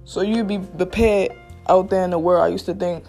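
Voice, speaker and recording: A podcast host giving blunt, profane motivational straight talk, recorded alone at a quiet workplace late at night. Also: mid-range voice, steady tone, normal speed, soft background music. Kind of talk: motivational casual monologue. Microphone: single mic.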